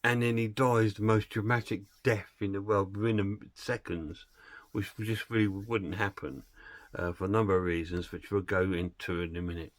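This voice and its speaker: A man's voice: fairly low pitch, fairly even intonation, normal speed, no echo. A man casually retelling a film plot and reviewing it, rambling and hesitant with plenty of fillers.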